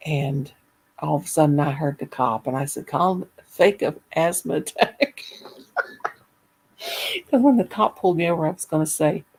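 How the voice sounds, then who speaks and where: A middle-aged woman with a gravelly, husky, low-set voice spins a tale in easy conversation. She talks in an animated way and laughs through her own story. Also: normal speed, long pauses, low-quality recording. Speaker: caller. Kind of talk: casual storytelling.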